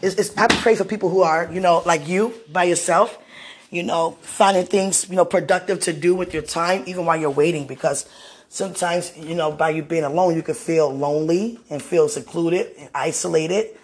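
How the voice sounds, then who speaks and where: A woman's voice: lowish voice, steady tone, moderate pace, slightly rough. A woman hosting a podcast from her home, talking intimately to a listener in an affectionate tone, laughing often and calling out to God. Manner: affectionate, laughs often, frequent religious exclamations. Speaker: podcast host and mother. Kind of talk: intimate one-sided podcast chat to a listener.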